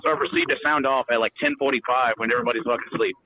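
A young man telling rowdy stories in a casual, animated way, swearing and loudly acting out the voices of others. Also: medium pitch, racing, background noise. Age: young adult. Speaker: guest storyteller. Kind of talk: casual storytelling. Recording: tinny phone-line audio.

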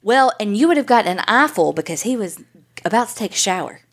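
A woman's voice: medium pitch, lively intonation, quick pace. Woman co-host tossing in dry quips. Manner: dry joking asides. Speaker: podcast co-host. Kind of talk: casual chat.

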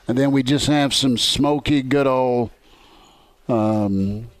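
Jovial radio host rambling from home. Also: male voice, mid-range voice, slow pace, no room sound, low-quality recording. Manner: rambling, stumbling restarts, jovial. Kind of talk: casual sports radio chat. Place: his home kitchen.

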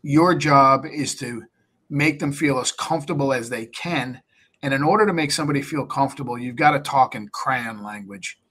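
A man's voice: mid-range voice, normal speed, a bit bright, husky. A man speaking as a podcast guest, talking casually and animatedly, often repeating words and acting out conversations with sellers. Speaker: podcast guest, real estate investor. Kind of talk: casual interview talk.

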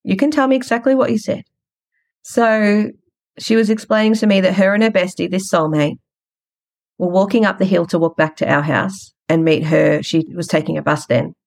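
A woman's voice: fairly low pitch, moderate pace, vocal fry, darkish tone. A woman hosting a podcast, telling a story in a frank, chatty way. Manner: frank, chatty, retells conversations. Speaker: podcast host. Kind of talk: casual storytelling monologue.

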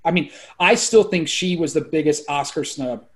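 A man around forty, a filmmaker guest chatting on a podcast, excitable and rambling, full of "like" and casual swearing. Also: a little high, moderate pace.

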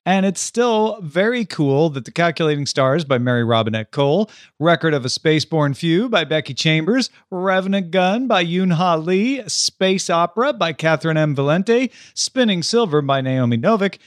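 A man's voice: on the high side, lively intonation, moderate pace, few pauses, no room sound, studio quality. A man co-hosting a book podcast in casual, joking chat, with some stammered restarts. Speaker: podcast co-host.

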